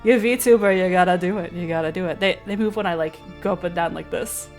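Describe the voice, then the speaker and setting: A woman's voice: on the low side, quick pace, darkish tone. A woman VTuber chatting casually on a livestream, giggly and rambling, playful. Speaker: VTuber streamer. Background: faint background music.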